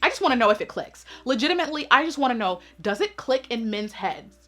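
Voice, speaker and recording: Bright, sassy woman telling a story. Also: on the high side, sing-song, fast, soft background music. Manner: sassy, emphatic, keeps asking "right?". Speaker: channel host. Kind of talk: storytime vlog.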